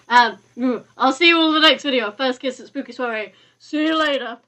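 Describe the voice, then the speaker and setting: A young woman playing a visual novel on video, giddy and excitable, swearing and squealing over the story. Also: high voice, fairly quick. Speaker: gaming YouTuber. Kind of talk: let's play commentary.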